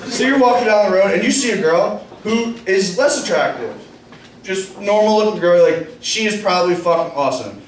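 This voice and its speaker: Crude young comic, high voice, echoey room. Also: male voice. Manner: crude, rambling, self-interrupting. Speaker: stand-up comedian. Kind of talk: stand-up comedy set. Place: small comedy club stage. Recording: echoey club room, distant mic.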